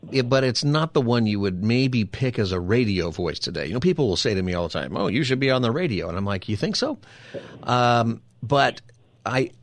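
A man's voice: on the low side, sing-song, fast talker, hardly any pauses, no echo. A man hosting a call-in radio show as a pastor, talking in an earnest, conversational way. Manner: earnest, conversational, repeats phone number.

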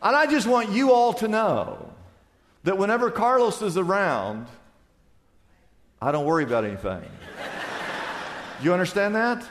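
Man preaching in a church, kinda high voice, lots of hall echo, keeps quizzing the crowd. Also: sing-song, moderate pace, pauses often, slight background noise. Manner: emphatic, asks the congregation questions. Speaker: pastor. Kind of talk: sermon. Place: church sanctuary.

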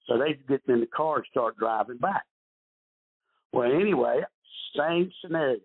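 A man's voice: medium pitch, normal speed. An older man telling rambling golf stories in a podcast interview, with many restarts, heard over a phone line. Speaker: golf pro guest.

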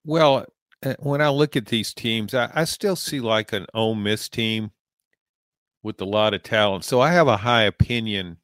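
Measured male college football analyst. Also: lowish voice, fairly bright tone, dry recording, clean studio sound. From Louisiana, American South. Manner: measured, reflective, with frequent fillers. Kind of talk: sports talk commentary.

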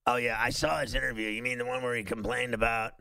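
A male sports radio host with a gravelly, very bright voice, rambling through casual banter full of fillers. The studio sound is dry and close. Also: mid-range voice, fast talker, dry recording. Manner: animated, rambling, lots of fillers.

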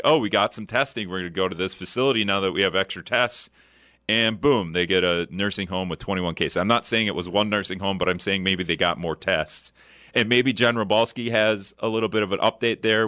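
A man's voice: sits low, bright, forceful tone, no echo, clean studio sound. A man hosting a talk radio show, rambling through statistics and correcting himself as he goes. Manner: rambling, self-correcting, reading off numbers. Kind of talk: casual talk radio chat.

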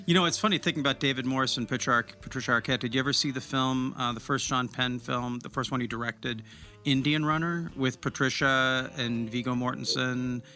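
Guy hosting a podcast, bright forceful voice, geeks out on movies, faint music under it. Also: medium pitch, fairly quick. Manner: chatty, enthusiastic film talk with many restarts. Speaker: podcast host. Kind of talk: casual interview chat.

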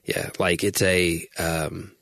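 A man co-hosting a podcast in casual chat, talking in a relaxed, halting way and repeating words, on a close studio microphone. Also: low-pitched, no echo. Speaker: podcast co-host and audiobook narrator.

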